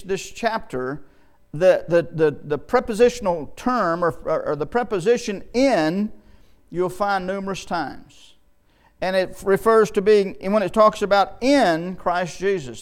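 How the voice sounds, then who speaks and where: A man with a high-pitched voice preaches a sermon in a plain, folksy manner. He often stumbles and repeats words, then slows down deliberately when he reads scripture aloud.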